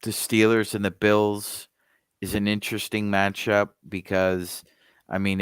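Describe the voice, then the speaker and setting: Smooth-voiced, polite sports podcast co-host. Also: male voice, lowish voice, no room sound, clean studio sound. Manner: polite, apologetic, rambling. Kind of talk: casual sports talk.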